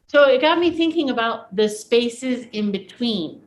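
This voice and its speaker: A woman's voice: a little high, animated, unhurried, rough recording. A woman leading a class, talking through a spiritual coaching idea in an earnest, reflective way with many "like"s. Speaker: class leader.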